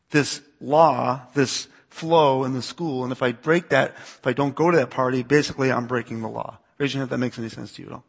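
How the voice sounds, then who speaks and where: Here a husky, mid-range male voice with vocal fry belongs to an East Coast–raised youth pastor in his forties. He gives a conversational church talk, repeats words, and asks the audience for a show of hands.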